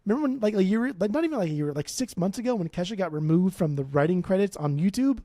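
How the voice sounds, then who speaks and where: Young male podcast co-host, slightly high, dark timbre, rambling and profane. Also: expressive, fast talker, no room sound, studio quality. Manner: rambling, swears a lot, many fillers. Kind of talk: casual chat.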